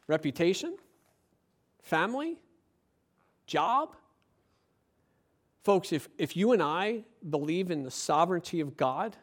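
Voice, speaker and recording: High-voiced man preaching a lively sermon. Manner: lively, acts out quoted voices, rising to emphatic preaching. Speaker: pastor.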